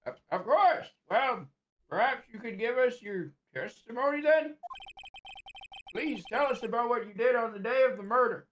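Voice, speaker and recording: Man doing a prim high-pitched judge, formal and fussy. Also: lively intonation, normal speed, fairly bright tone, a little hiss or hum. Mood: polite.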